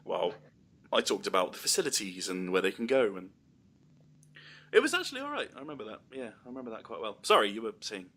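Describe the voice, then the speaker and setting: A man's voice: lowish voice, sing-song, quick pace, bright, forceful tone. A young man hosting a podcast, telling rambling anecdotes in casual chat with lots of ums. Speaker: podcast host.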